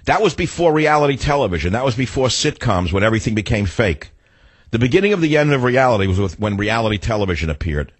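A man's voice: mid-range voice, big pitch swings, quick pace, husky, no room sound. An older man hosting a talk radio show, delivering a combative, sarcastic monologue.

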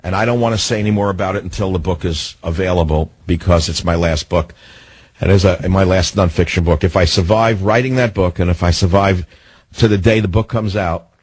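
Husky older man ranting on talk radio. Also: deep voice, brisk, dry recording, poor audio. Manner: emphatic, repetitive, combative. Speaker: radio talk show host. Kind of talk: political talk radio monologue.

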